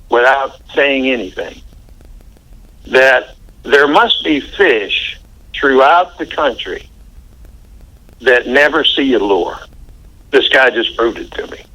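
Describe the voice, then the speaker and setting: An older American man telling stories in a relaxed, folksy way during a casual interview, with plenty of fillers. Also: mid-range voice, poor audio. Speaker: interview guest.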